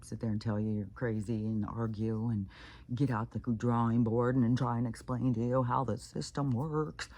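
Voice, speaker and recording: A woman's voice: extremely low pitch, steady tone, moderate pace, mellow. A woman vlogger talking in a casual, rambling monologue, full of fillers and the odd swear word. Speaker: spiritual vlogger.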